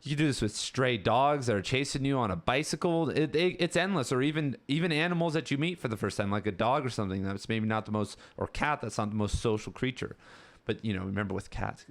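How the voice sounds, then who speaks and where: A man hosting a podcast, talking casually and rambling about a book chapter in a relaxed way. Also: mid-range voice, fast talker. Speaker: podcast host.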